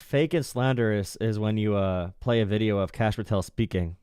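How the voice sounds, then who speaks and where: A man's voice: fairly low pitch, normal speed, a crowd in the background, noisy background. A young man hosting a political livestream, talking casually with a sarcastic, mocking tone and frequent laughs. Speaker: political streamer and call-in show host.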